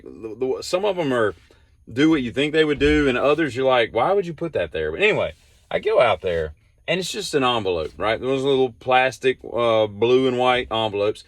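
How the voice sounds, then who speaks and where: A man's voice: mid-range voice, no room sound. Exasperated rambling man, dry sound. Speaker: vlogger. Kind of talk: casual storytelling vlog.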